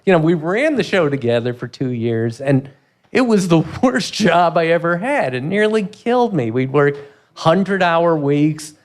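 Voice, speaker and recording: A man in his sixties, a comedy writer telling stories in an interview, animated and laughing often as he acts out quotes. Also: a little high, moderate pace. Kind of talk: storytelling in a podcast interview.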